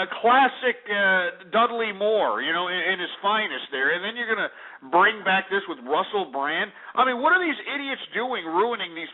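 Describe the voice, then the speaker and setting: A man, hosting a talk radio show in an angry, profane, rambling rant. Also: sits high. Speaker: radio host. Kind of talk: ranting talk radio monologue. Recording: tinny phone-like radio archive.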